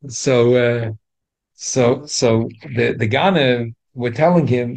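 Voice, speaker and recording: Animated male teacher repeating for emphasis. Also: medium pitch, takes it slowly, creaky. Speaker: rabbi teaching a class. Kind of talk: Torah class.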